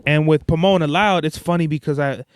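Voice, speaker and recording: Podcast host, male, swears constantly in casual slang, clear voice with a dry, close sound. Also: fairly high pitch, brisk, dry recording. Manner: profane, slangy, rambling storytelling. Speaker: podcast host and stage performer. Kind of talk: casual solo monologue.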